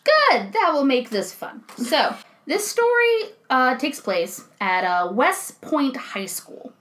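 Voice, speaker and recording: A young woman in a studio, casually chatting as a podcast co-host, animated and quick to laugh as she acts out what people said. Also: high voice. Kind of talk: casual chat, storytelling. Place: recording studio.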